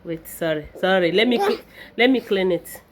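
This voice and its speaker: A woman's voice: mid-range voice, lively intonation, normal speed. A young Nigerian woman vlogging at home, playful and laughing often as she coaxes her baby son. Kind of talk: casual home vlog talking to camera and her baby. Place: home, indoors.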